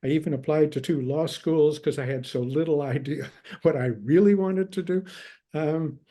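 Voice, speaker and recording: An older man speaks as an interview guest, rambling through wry anecdotes and voicing the people in them. His voice sits a little high and sounds warm and mellow. He tells his stories in an unhurried, conversational way. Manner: wry anecdotal storyteller, quotes others in lively tones. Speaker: guest scholar. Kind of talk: relaxed storytelling in conversation.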